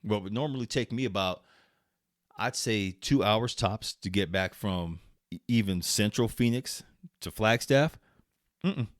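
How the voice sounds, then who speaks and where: A man's voice: lowish voice, unhurried, no echo, clean studio sound. A middle-aged man from Arizona hosting his vlog, telling a casual story with free swearing, frequent laughs and many restarts. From Arizona, USA. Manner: chatty, swears freely, laughs often, restarts sentences. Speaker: vlog host.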